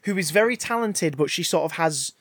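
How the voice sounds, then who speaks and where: A man co-hosting a podcast, chatting casually about a film, animated and swearing freely as he acts out scenes. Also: a little high, brisk, no room sound. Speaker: podcast co-host. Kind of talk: casual film review chat.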